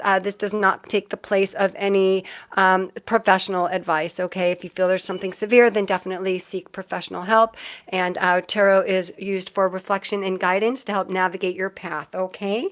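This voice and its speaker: A woman's voice: medium pitch, a bit bright. A woman doing a casual tarot live stream, chatting in a rambling, random way to her viewers and laughing often.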